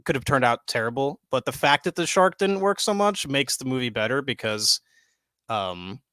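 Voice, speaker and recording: Young man, podcast co-host, casual excitable chat, bright tone, dry close sound. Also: medium pitch, normal speed, dry recording. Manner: loose, excitable, swears freely, lots of "like" and "dude". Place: home studio, live stream.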